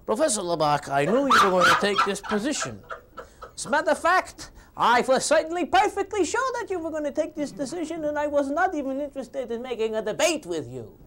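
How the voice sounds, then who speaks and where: A shrill ranting conservative blowhard. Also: male voice, very animated, a little fast, a little hiss or hum, exaggerated voice. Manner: shouts insults, mocking rhymes like "schmimbo". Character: loud blustering conservative male debater, insulting. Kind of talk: TV comedy sketch. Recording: studio audience laughing loudly.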